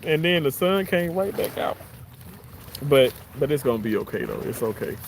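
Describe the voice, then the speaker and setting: A man with a Southern American accent chats warmly on a live stream, sitting outside by the water. His voice sits a touch high, and he thanks his viewers one by one in a grateful, easygoing way. Faint outdoor noise hums under his voice. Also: big pitch swings, moderate pace, gravelly. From Southern United States. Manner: warm, grateful, chuckles often. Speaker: live-stream host reading chat. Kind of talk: casual live-stream chat.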